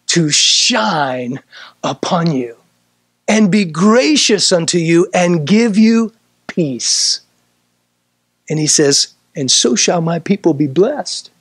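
A man's voice: high-pitched, animated, extremely slow, breathy edge, no echo. A middle-aged man preaching a sermon as pastor, quoting scripture in old-style wording and rising to emphatic bursts. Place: church sanctuary.

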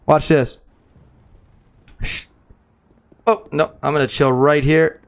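A young man streaming a shooter game live, chatting excitedly with viewers and calling them bro. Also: on the high side, slow pace, vocal fry, pauses often. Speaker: gaming streamer. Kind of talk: live gameplay commentary.

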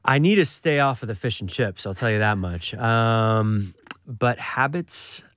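A man, a singer and actor, talking casually as a radio guest, relaxed and chatty, often restarting his sentences. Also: medium pitch, measured pace, no echo, studio quality.

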